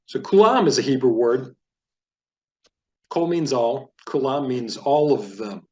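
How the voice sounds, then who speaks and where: A man's voice: mid-range voice, expressive, measured pace, mellow, muffled recording. A man teaching a beginner reading lesson, patiently explaining sounds step by step. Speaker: Hebrew teacher.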